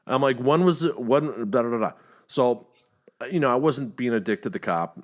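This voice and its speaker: A middle-aged man hosting a casual podcast chat, telling a long story with heavy profanity and animated outbursts. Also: medium pitch, moderate pace. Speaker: podcast host.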